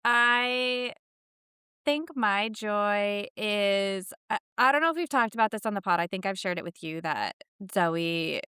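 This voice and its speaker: A woman's voice: medium pitch, a little slow, clear, resonant tone, no echo, clean studio sound. A woman in her thirties co-hosting a casual podcast, telling stories animatedly and acting out quotes. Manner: animated storytelling with acted-out quotes. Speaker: podcast co-host. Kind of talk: casual chat.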